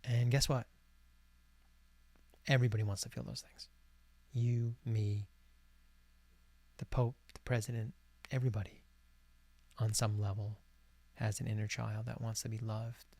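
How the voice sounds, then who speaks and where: A man in his late forties hosting a guided reflection, talking softly and earnestly to the camera. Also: fairly low pitch, level tone, unhurried, vocal fry, pauses often. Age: 40s. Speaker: self-help video host. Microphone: camera recording alone.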